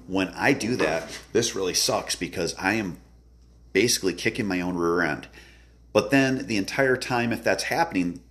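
A man with a very deep voice explains dog training in an earnest, instructional way. He keeps coming back to the same points and acts out the sharp commands and praise he gives to dogs. His voice is loud and booming. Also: a little hiss or hum. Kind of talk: instructional talk.

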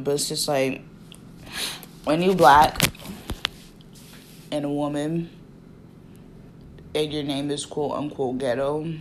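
A woman's voice: low-pitched, a little hiss or hum. A woman in her twenties telling a personal story in a casual, chatty way, full of fillers and asides. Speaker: vlogger.

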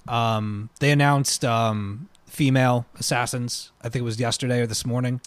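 A man chatting casually about video games, an animated storyteller who bursts into loud pirate cries. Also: medium pitch, normal speed, clean tone, no echo.

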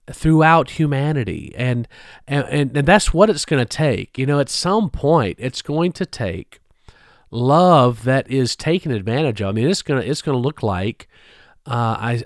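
A man hosting a podcast, giving an earnest, reflective spoken message, halting often and restarting his sentences. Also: mid-range voice, no room sound, studio quality. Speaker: podcast host.

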